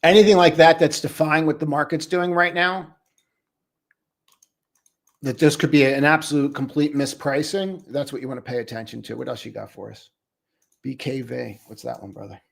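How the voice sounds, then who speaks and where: A man's voice: a little high, fairly even intonation, normal speed, gravelly. A man hosting a live trading stream, talking loosely and casually to viewers, calling them brother and buddy.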